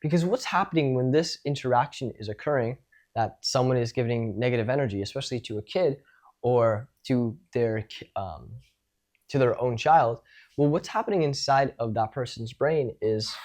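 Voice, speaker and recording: A man's voice: mid-range voice, normal speed, darkish tone. A man teaching social skills in a casual spoken lecture, talking things through and demonstrating tones of voice.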